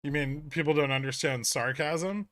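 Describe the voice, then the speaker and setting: A man's voice: on the high side, moderate pace, a bit bright, no room sound. A man hosting a casual trading livestream, reading chat questions and answering with dry, sarcastic humor. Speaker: livestream host.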